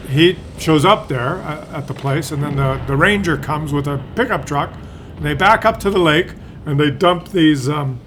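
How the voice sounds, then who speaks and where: A man with a fairly high voice rambles through stories as he plays a tank game, drifting off mid-sentence and circling back. His talk is loose and unscripted, with a faint hiss of noise in the background. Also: fairly bright tone. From Ontario, Canada. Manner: meandering storyteller, drifts off and loses his thread. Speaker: gaming channel host. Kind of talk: rambling chat while playing a tank game.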